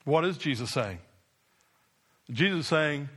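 A man preaching a sermon as pastor, repeating phrases with rising emphasis and dropping his voice low to drive points home. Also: expressive, a little fast, a bit bright.

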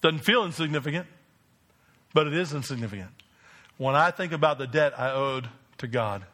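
A pastor from New Jersey preaches with a high, bright voice. He speaks emphatically and keeps putting rhetorical questions to his congregation. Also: lively intonation, normal speed. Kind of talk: sermon.

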